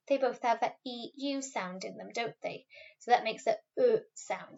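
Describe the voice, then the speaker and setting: A woman teacher giving a recorded French lesson, patiently modelling words slowly for pupils to repeat. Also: a little high, expressive. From Wales. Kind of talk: recorded classroom video lesson. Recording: slightly dull, lo-fi recording.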